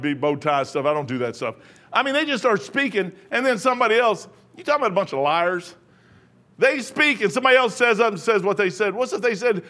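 A middle-aged man delivers a sermon in a high voice. He drifts off the passage into joking stories from his own life, then circles back to the scripture. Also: animated, fairly quick, a bit bright. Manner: rambling, jokey asides. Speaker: preacher.

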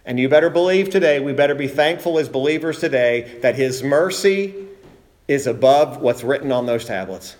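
A male pastor preaching a sermon, rising emphatically on key points and asking rhetorical questions, then slowing down to read scripture. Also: mid-range voice, a little mellow. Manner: reads scripture aloud in a slow, measured way.

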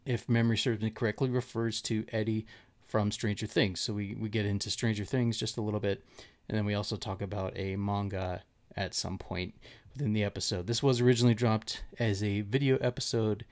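A man's voice: lowish voice, fairly even intonation, brisk. A man co-hosting a podcast in casual chat, rambling, laughing often and trailing off while searching for names. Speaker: podcast co-host.

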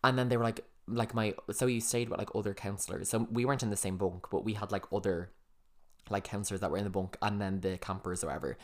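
A man's voice: fairly low pitch, steady tone, fast talker. A young man co-hosting a podcast, teasing his friend with sassy slang in casual chat. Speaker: podcast co-host.

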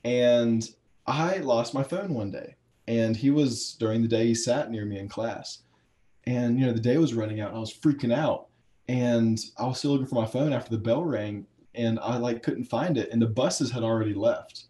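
Young male podcast host with a mid-pitched voice, rambling and laughing as he tells stories. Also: normal speed, warm tone. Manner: rambling storyteller, laughs a lot. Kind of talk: casual chat.

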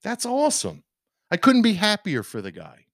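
Man, podcast co-host, emphatic rant, swooping lively pitch, dry close sound. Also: normal speed, dry recording. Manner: ranting, emphatic, with repeated restarts. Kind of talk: casual opinion chat.

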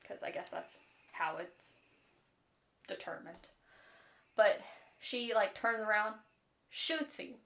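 A woman co-hosting a podcast, casually retelling book plots in an animated, chatty way, full of "like" and casual swearing. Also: mid-range voice, slow, long pauses. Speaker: podcast co-host. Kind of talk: casual chat about books.

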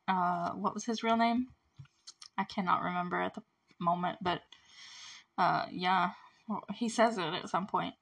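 A woman's voice: medium pitch, creaky, fairly bright tone. A young woman casually recapping a movie as host, chatty and giggly, with many fillers.

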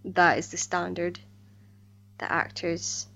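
A woman's voice: on the low side, flat delivery, takes it slowly, creaky, sharp tone. A woman co-hosting a podcast in casual chat, earnest and enthusiastic, often restarting her sentences. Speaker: podcast co-host.

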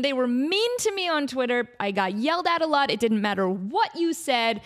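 A young woman with a fairly high voice hosts a comedic podcast monologue. She goes off on one tangent after another and breaks into laughter often, with a loose, joking delivery. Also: expressive, brisk, hardly any pauses. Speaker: podcast host.

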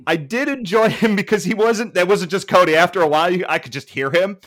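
A man co-hosting a casual wrestling podcast, animated and quick to laugh, often mimicking shouting fans as he tells a story. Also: sits high, soft background music. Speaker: podcast co-host.

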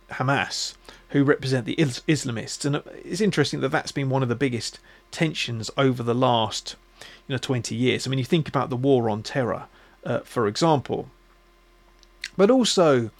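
Gravelly man musing on a podcast. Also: medium pitch. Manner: musing, halting, many restarts. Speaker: podcast host. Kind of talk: casual reflective monologue.

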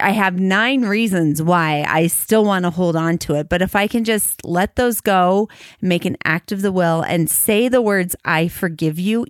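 A middle-aged woman talks through a podcast conversation in an earnest, reflective way. She slows down to lean on the words that matter most. Her voice sits a bit low, and the sound is dry and close with no room around it. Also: no room sound. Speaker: podcast co-host. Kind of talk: casual conversation.

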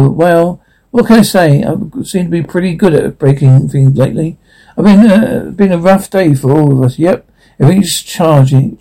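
A man's voice: a little high, gravelly, mellow, rough recording. A man reading out a cartoon story, voicing every part and reading the sound cues aloud, often stumbling and restarting.

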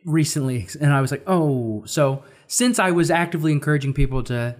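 Podcast co-host, casual chat, rambling, searches for words, mid-pitched voice. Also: fairly quick.

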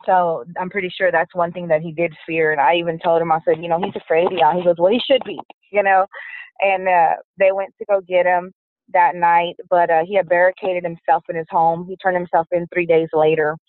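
A woman, a guest telling her own story in an interview, frank and steady, with many fillers. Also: on the low side, fairly quick, dry recording. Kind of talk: personal testimony interview. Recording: dry, tinny phone-line sound.

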